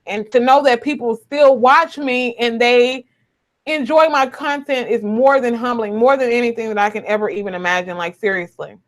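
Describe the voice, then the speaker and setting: Speaking at a normal pace in a fairly high voice, a young woman YouTuber talks emotionally to viewers on a casual home live stream. She tends to repeat herself, captured on a webcam or phone.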